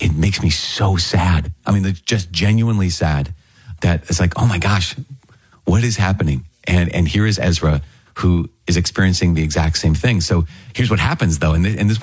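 A man with a very low, husky voice preaches a homily as a priest. He talks in an earnest, conversational way, often restarting and adding asides. The sound is dry and close. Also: no room sound. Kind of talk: sermon on scripture readings.

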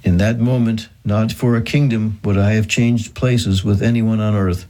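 A man narrating a religious history in a steady, earnest scripted reading. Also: on the low side, normal speed, rough recording.

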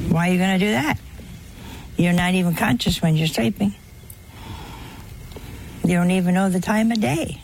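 A woman's voice: on the low side, a little slow, vocal fry, pauses often, a little mellow, a little hiss or hum. A woman preaching a sermon to a live audience in a folksy, humorous way, acting out bits of dialogue.

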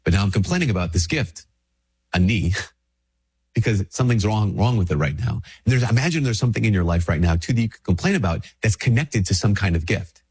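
A man's voice: on the low side, animated, brisk, darkish tone, slightly rough. A male Catholic priest, a bit sick with a stuffy nose, giving a casual spiritual talk in a conversational way, often restarting his sentences. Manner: conversational, with frequent restarts and fillers.

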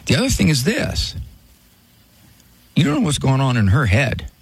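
A man's voice: medium pitch, wildly swooping pitch, normal speed, breathy edge, no room sound. A middle-aged American man hosting a Christian call-in radio show, folksy and pastoral, repeating the phone number. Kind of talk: casual call-in radio talk.

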